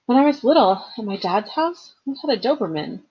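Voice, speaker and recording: Lady doing a determined teen girl, firm and bossy, husky, bit muffled. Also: fairly high pitch, lively intonation, a little fast, pitched above the performer's own voice. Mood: earnest. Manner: firm, commanding like training a dog.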